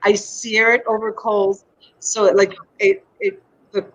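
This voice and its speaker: A woman's voice: medium pitch, flat delivery, measured pace, poor audio. Chatty middle-aged woman hosting a live stream from home, talks on and on, gushy. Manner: chatty, rambling, effusive. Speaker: live-stream host selling items. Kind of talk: casual live-stream chat. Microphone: USB desk mic.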